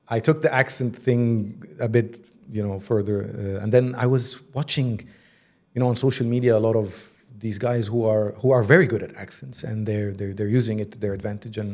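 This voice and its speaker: Guy in his 40s w a low gravelly voice, chatty, laughs a lot, tells stories. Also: normal speed. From Egypt. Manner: animated storyteller, slips into mock accents and laughs. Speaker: voice actor and creative director. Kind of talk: casual interview chat.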